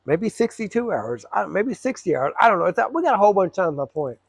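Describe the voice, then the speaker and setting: A man, a truck driver, telling a story casually to camera, animated and profane, acting out both sides of an argument. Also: sits high, fast, creaky, slightly rough, no echo.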